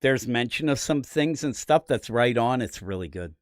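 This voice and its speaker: A man hosting a podcast, talking casually about comics in an animated, rambling way with frequent laughs. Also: medium pitch, normal speed, no room sound, studio quality. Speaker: podcast host. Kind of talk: casual comic book chat.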